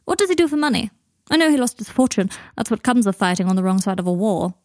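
A woman's voice: medium pitch, animated, fast talker, a little mellow, no echo, clean studio sound, natural voice. A woman reading the part of a blunt, probing older woman, speaking abruptly and coldly. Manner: abrupt, cold.

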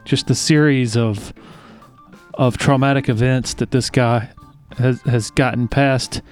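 A male podcast host gives brisk closing remarks and thanks the listeners. His voice sits at a middle pitch. Soft guitar music plays beneath him. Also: fairly even intonation.

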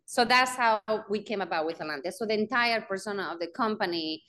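A woman's voice: medium pitch, fairly quick, bright, forceful tone. A woman talking as a guest in an interview, telling a personal story with animation and acting out the quoted dialogue. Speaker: guest, real estate company founder.

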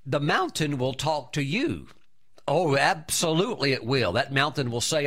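A man preaching a sermon as a pastor, emphatic, rising loudly when he voices commands and prayers. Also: on the high side, very animated, normal speed.

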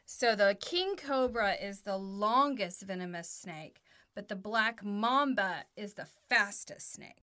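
A mother co-hosts a home podcast with her child in their playroom, chatting casually and asking simple questions to draw him out. Her mid-range voice is animated and slow, with a pushed, bright quality.

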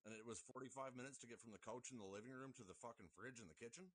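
A man's voice: mid-range voice, very fast, slightly rough, no room sound. Foul-mouthed laughing man, dry close mic. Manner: profane, laughing anecdotes. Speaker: podcast guest. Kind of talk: casual storytelling chat.

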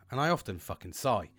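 A man hosting a podcast, giving a casual, sweary motivational talk into a home mic setup. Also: lowish voice. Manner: heavy swearing, animated, acts out quoted people. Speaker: podcast host.

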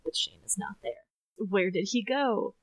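Woman, podcast co-host, casual animated retelling, dry close mic. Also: mid-range voice, measured pace, no room sound, poor audio. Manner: animated recapping with acted quotes and laughter. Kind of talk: casual chat.

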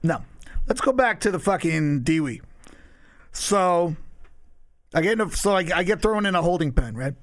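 A man from Long Island, a podcast guest telling crude stories in a blunt, deadpan, unfiltered way. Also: sits high, normal speed, long pauses, dry recording, clean studio sound. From Long Island, New York. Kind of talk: casual crude storytelling.

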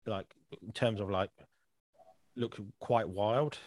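A man's voice: lowish voice, slow, dry recording. Rambling young Englishman, dry sound. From England. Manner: rambling, repeats words, laughs at his own stories. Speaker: podcast co-host. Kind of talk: casual chat.

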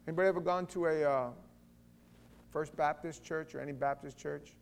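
A man pastor giving a conversational sermon with stammering restarts, swelling into loud fervor. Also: fairly high pitch, fairly quick, gravelly.

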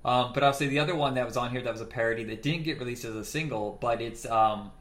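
A man's voice: mid-range voice, quick pace, a bit bright, reverberant. A middle-aged man in casual conversation, rambling and joking, now and then mimicking lines in other voices. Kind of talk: casual chat.

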